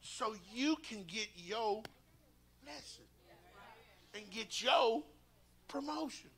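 A man leads a church Sunday school class in a preaching style, with a bright, ringing tone. His pitch sits high and swoops all over. He repeats words and breaks into sudden shouts. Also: expressive, slow pace.

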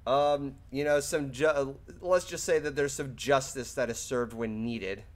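A man's voice: mid-range voice, fairly even intonation, a little slow. A man hosting a casual stream chat, rambling and hedging as he talks. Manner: rambling, hedging, laughs often. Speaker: streamer host.

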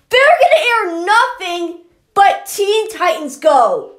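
A woman's voice: very high-pitched, sing-song, unhurried, a bit bright. A woman hosting her channel, giving an exasperated ranting commentary and repeating herself a lot. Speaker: channel host. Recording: roomy echo.

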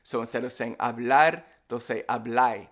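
A man's voice: mid-range voice, normal speed. Young male language teacher, easygoing and chatty, casual video-lesson delivery. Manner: relaxed and chatty, with frequent fillers and "all right"; speaks to the viewer directly, explaining step by step.

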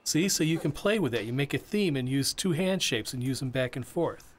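A man voicing a signer's interview answers as interpreter, halting with frequent restarts and repeated words. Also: medium pitch, animated, slight background noise.

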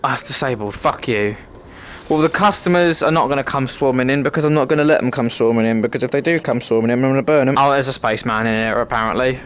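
A man's voice: mid-range voice, fast talker. A British man giving cheeky, sweary commentary while playing a VR game. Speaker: gamer content creator. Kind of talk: casual gameplay commentary.

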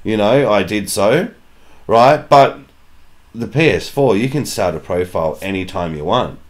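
A man's voice: lowish voice, a little slow. An Australian man hosting a podcast, telling a story in casual chat, full of swearing and acted-out dialogue. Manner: profane, animated storyteller acting out quoted dialogue. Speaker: podcast host.

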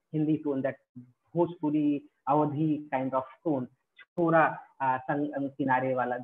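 A man in his forties with an Indian English accent gives an academic lecture over a video call, halting with many fillers and restarts. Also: fairly high pitch. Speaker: plenary speaker. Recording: tinny phone-like call audio.

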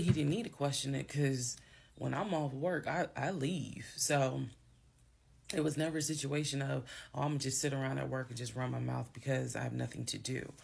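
Woman, hiccups, measured, steady, personal story, gravelly, husky tone. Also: a bass voice. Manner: measured, steady retelling with pauses and fillers. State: has the hiccups. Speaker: woman telling her marriage story. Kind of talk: storytelling monologue.

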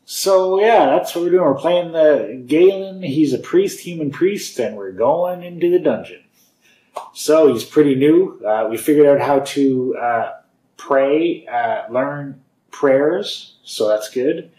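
A slightly high-voiced man takes his time as he hosts his game and source-code series. Playing and reading through code, he chats in a loose, rambling way, with frequent fillers and soft little laughs.

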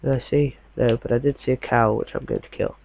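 A man's voice: medium pitch, fairly even intonation, quick pace, creaky, phone-quality sound, slight background noise. A young man giving casual, chatty commentary while playing a game, talking to himself in a slightly posh way. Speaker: gamer.

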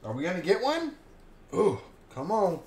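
A man hyped up while opening card packs, counting out loud and calling out each card he pulls. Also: sits high, huge pitch swings, normal speed. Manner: hyped, counts cards aloud, names each pull. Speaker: card pack opener. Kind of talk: casual card-opening commentary. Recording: roomy echo, faint background hum.

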